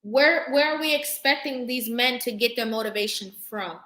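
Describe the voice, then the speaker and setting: A young woman hosting a live stream, talking emphatically and preaching to her viewers, pausing now and then to thank them for their comments. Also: a little high, sharp tone. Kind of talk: impassioned live-stream talk. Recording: roomy echo.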